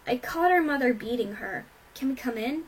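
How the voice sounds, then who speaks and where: A woman voicing a brash, tomboyish young female pegasus pony who talks loud and blunt, in a homemade storybook reading. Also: high-pitched, animated, normal speed, breathy edge, recorded from a distance, rough recording. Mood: urgent.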